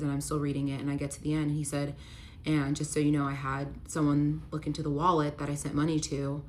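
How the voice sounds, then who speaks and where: Low-voiced woman telling an emotional story. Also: a little mellow, slight background noise. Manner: candid, many "like" fillers, rises to pleading when reliving the argument. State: emotional, near tears. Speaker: vlogger telling a personal story.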